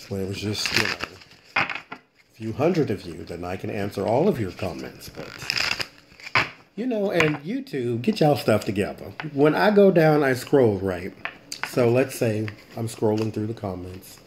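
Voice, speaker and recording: Low-voiced rambling man reading tarot. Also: very noisy. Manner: rambling, chatty, thinks aloud. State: yawning, late-night tired. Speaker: tarot reader, channel host. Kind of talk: casual late-night tarot reading vlog.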